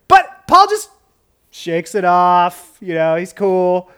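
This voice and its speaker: Preacher, playful and expressive, lively pitch; delivers a conversational sermon with sudden loud bursts. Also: slow pace, clean tone. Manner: animated, joking, swings from quiet asides to loud outbursts. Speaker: pastor.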